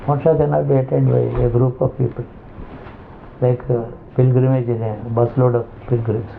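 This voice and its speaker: A man giving a spiritual discourse as a teacher, halting and restarting as he searches for words. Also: medium pitch, little pitch movement, creaky. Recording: tinny phone-like lo-fi recording with faint hiss.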